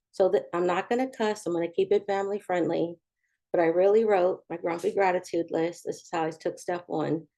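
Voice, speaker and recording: Candid storytelling woman, low voice. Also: fairly even intonation, brisk, creaky, dark tone. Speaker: recovery speaker. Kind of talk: personal recovery testimony.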